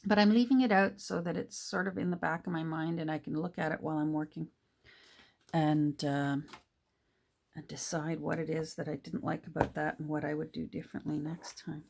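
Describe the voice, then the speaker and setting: A middle-aged woman chatting casually while she crafts, full of fillers and restarts, sometimes dropping to a soft whisper. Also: sits low, steady tone, normal speed, creaky. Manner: drops to soft whispers when delighted. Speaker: crafting vlogger.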